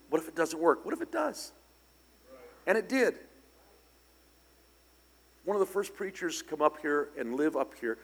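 An older man preaching a storytelling sermon, speaking conversationally with sudden loud, emphatic bursts. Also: mid-range voice. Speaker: pastor. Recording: long church hall reverb.

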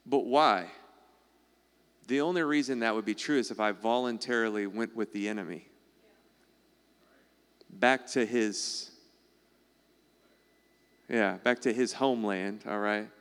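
A man, teaching a live audience, animated and full of rhetorical questions, constantly checking in with "all right?" and "okay?". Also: on the low side, unhurried, pauses often, clean tone. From United States. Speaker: speaker addressing a live audience. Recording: long hall reverb.

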